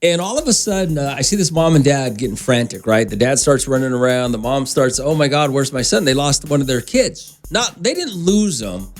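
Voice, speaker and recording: A man's voice: medium pitch, expressive, normal speed, few pauses, soft background music. A male radio morning show host talking casually in a studio, telling loose, rambling stories straight to his listeners. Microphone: studio microphone.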